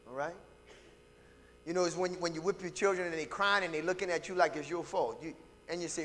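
A man's voice: a little high, brisk, fairly bright tone. A man preaching a sermon to his congregation, emphatic and constantly checking in with "all right?" and calling out to the room. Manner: calls out to the congregation. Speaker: pastor. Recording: reverberant hall.

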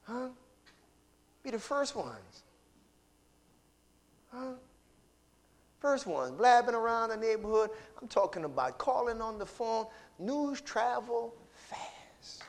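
A man preaching a sermon in a church, in call-and-response style, swinging from loud to hushed. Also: very high voice, sing-song, slow pace, long pauses. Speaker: pastor. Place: church sanctuary. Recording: long church reverb.

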